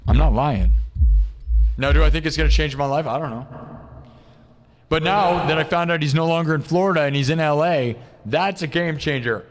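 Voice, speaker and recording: A man hosting a live stream, rambling excitably in casual chat and saying "dude" constantly. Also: fairly high pitch, moderate pace, faint music behind. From United States. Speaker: live-streaming musician and host. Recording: long reverb.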